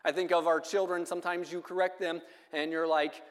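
A man preaching a sermon at a measured pace, reading scripture aloud in a church hall. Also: a little high, level tone, smooth. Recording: long echo of a hall.

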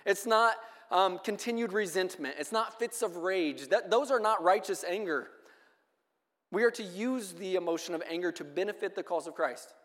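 A man preaching a sermon at a measured pace, reading scripture aloud in a church hall. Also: high-pitched. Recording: long echo of a hall.

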